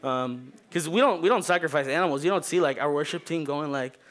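Young man, church sermon, casual, joking, filler-heavy, raised pitch. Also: a little fast, fairly bright tone. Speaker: youth preacher, pastor's kid. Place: church sanctuary.

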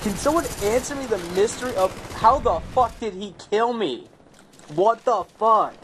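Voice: medium pitch, normal speed, fairly bright tone, slight background noise. Young gamer, gameplay commentary, profane ranting, faint gunfire behind. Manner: profane, ranting, frequent outbursts. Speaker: gamer commentating own play.

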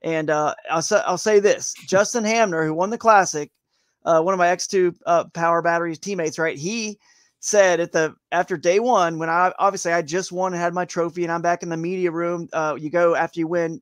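A man's voice: on the high side, fairly even intonation, a little fast, no echo. A man chatting as a guest on a live interview show, rambling and upbeat, saying "man" and "dude" a lot. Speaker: guest, tournament kayak angler.

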